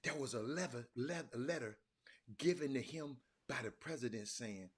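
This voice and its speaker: Husky-voiced man telling a story. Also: medium pitch, moderate pace. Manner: animated storyteller, repeats and restarts, addresses viewers as y'all. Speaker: talk show host. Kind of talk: casual livestream history talk. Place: hotel room.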